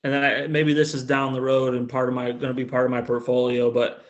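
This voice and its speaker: A man's voice: mid-range voice, monotone, a little fast, dull audio. A man from Indiana, a basketball coach calling in, talking casually and hesitantly with lots of restarts. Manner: hesitant, full of restarts and hedges. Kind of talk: casual conversation.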